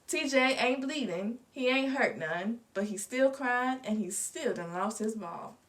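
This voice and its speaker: A woman reading a storybook aloud with expressive, lively narration. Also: a little high, unhurried. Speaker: reader. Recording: distant mic.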